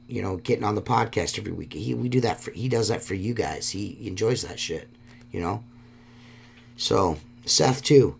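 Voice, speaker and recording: Low gravelly-voiced man, rambling and sincere. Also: normal speed. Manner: rambling, heartfelt, swears a lot. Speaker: podcast host. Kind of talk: solo podcast talk.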